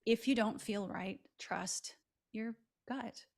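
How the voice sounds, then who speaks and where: A woman's voice: on the high side, takes it slowly, creaky. A woman physical therapist speaking as a guest in a casual interview, giving advice in a conversational way. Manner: conversational, advising.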